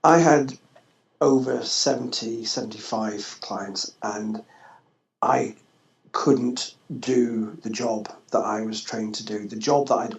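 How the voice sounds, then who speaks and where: A man, a former social worker, telling a personal story in an interview, halting and restarting often. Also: medium pitch, vocal fry. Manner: halting, with frequent restarts and fillers. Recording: echoey, slightly dull podcast audio.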